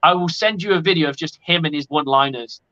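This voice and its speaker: A man's voice: a little high, quick pace, sharp tone. A man talking casually on a sports podcast, blunt and opinionated and swearing freely. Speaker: podcast co-host. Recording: lo-fi audio.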